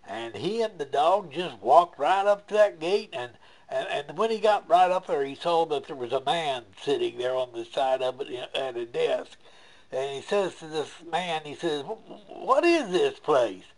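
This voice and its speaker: Male storyteller, folksy and chuckling, gravelly voice with very lively pitch. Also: moderate pace.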